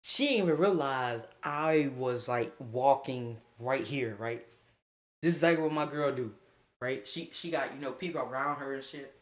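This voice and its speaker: A young man on a phone live stream, telling a story in a profane, animated way and acting out what people said. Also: medium pitch, normal speed.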